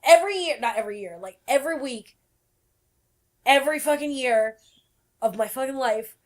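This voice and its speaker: A woman's voice: sits high, animated, normal speed. Rambling, foul-mouthed young woman storyteller. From New Jersey. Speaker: podcast co-host. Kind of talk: casual chat.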